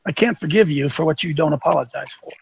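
A man preaching an informal sermon, folksy and emphatic, slowing down to read scripture aloud. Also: fairly high pitch, creaky, breathy edge, no room sound. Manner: folksy, colloquial, emphatic, reads scripture slowly.

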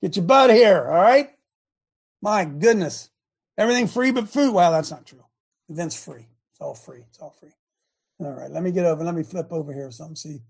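Male host-preacher, raspy and dark-toned, casual and chatty, fires questions at the audience. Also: fairly high pitch, a little fast. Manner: animated, talks straight to viewers with repeated questions; restarts and stumbles often. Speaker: host of an online faith show.

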